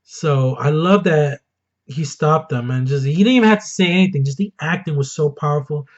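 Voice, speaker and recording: A man giving a casual, excited film review, gushing and bursting into loud enthusiasm now and then. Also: on the high side, muffled recording. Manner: excited, gushing, quick swings into loud outbursts. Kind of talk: casual spoiler review monologue.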